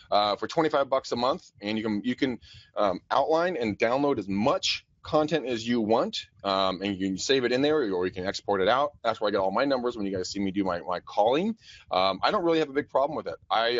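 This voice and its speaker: A man's voice: lowish voice, no room sound, highs cut off. Pumped-up, swearing man co-host. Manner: energetic, profane, laughs often. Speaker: podcast co-host, real estate agent. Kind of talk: casual chat. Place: office.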